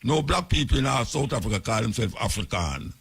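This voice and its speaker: A Jamaican man hosts a call-in radio show, his voice gravelly and raspy. He talks quickly and bluntly, and he grows impatient with a rambling caller. His manner is terse and firm. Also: mid-range voice, expressive, a bit bright. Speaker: radio host.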